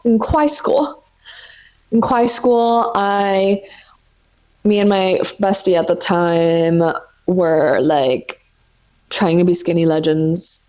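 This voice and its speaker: Her pitch is fairly low and her tone somewhat dark. Sitting on the floor at home, this twenty-something woman runs a casual solo podcast, talking loosely, cursing often, and leaning heavily on "like."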